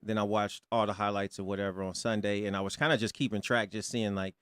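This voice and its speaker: Male co-host, dry studio sound, rambling animated chat. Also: on the low side, fast, smooth, no echo. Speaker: sports show co-host. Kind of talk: casual sports chat.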